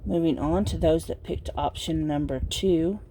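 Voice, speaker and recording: A sleepy woman giving a casual pick-a-card tarot reading, talking in a slow, meandering way with lots of fillers. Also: deep voice, noisy background. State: sleepy, yawning. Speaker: tarot reader.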